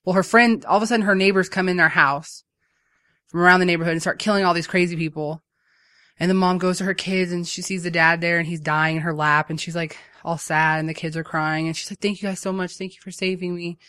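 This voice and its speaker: Brief: quick, bright-toned talker, dry close sound, rambling casual movie recap. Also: medium pitch, smooth, no room sound. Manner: rambling, animated retelling full of fillers. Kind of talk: casual chat.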